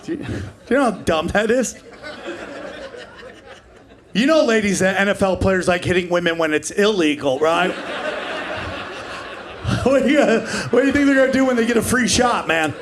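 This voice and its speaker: A man in his forties performs stand-up, brash and profane, with a high-pitched voice. He slips into quick character voices as he tells his stories, and a light hum of room noise sits behind him. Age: 40s. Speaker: stand-up comedian. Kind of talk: stand-up comedy set. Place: comedy club stage before a live audience.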